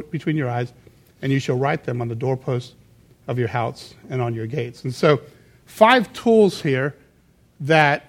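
A middle-aged man preaching a sermon as a pastor, telling stories and acting out quotes in a raised, lively voice. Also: medium pitch. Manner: animated storytelling, acts out quotes in a raised voice.

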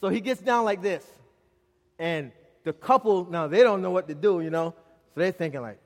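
A middle-aged man preaching a sermon as pastor, telling a family story and swinging from loud to hushed. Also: high voice, lively intonation, normal speed, big-room sound.

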